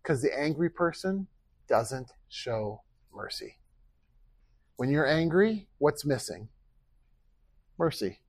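A man's voice: a little high, big pitch swings, slow, pauses often, slightly rough, no room sound. A man preaching a sermon as pastor, earnest and conversational, with rhetorical questions and acted-out quoted speech.

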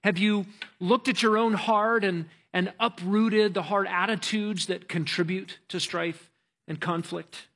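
A man's voice: sits high, steady tone, unhurried, a bit bright. A man preaching a sermon as pastor, earnest and emphatic, often restarting his words.

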